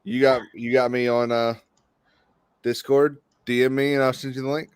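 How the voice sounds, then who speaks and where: A man's voice: mid-range voice, flat delivery, moderate pace, clean tone, dry recording. A man hosting a casual stream hangout, chatting loosely with lots of fillers and rambling stories. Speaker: stream host. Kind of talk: casual chat.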